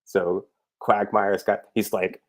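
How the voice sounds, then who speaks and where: In a flat, fairly low voice, a man takes his time musing to camera about parody episode ideas. It's loose, rambling talk packed with fillers, punctuated by chuckles at his own humor.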